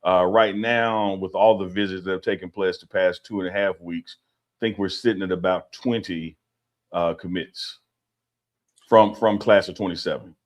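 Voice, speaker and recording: A low-pitched man co-hosting a casual sports talk show. He argues his points in an animated way, often repeating phrases and laughing along. His delivery is loose and conversational. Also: normal speed. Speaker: co-host.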